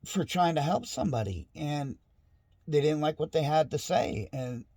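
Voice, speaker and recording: A man's voice: on the high side, animated, normal speed, warm tone, dry recording. A middle-aged man in a casual, rambling monologue at home, frustrated and restarting often. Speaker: vlogger. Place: home with dogs nearby.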